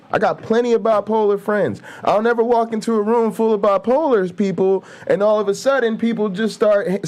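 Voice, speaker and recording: A man's voice: sits high, darkish tone. A man hosting a casual livestream, talking bluntly and profanely and building to heated, emphatic outbursts. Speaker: show host.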